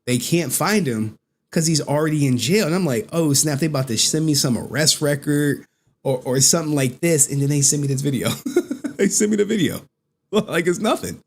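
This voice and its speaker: A male streamer with a somewhat high voice chats loosely about clips, repeating himself and rambling. He keeps dissolving into giggling fits. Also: animated, moderate pace. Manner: giggly, breaks into frequent laughter. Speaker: streamer host. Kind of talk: casual commentary on clips.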